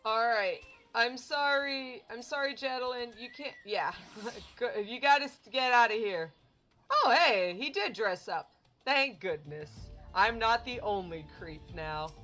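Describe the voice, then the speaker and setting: Young woman let's-player, bright voice, faint game music behind. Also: on the high side, a little slow. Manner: bubbly, joking, animated. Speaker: game streamer. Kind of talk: casual let's-play commentary.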